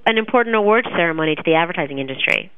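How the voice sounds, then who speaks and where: A woman's voice: fairly low pitch, lively intonation, very fast, narrow, tinny audio, slight background noise. A woman hosting a radio talk show, interviewing a guest in an upbeat, easy way and laughing often. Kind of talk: casual interview.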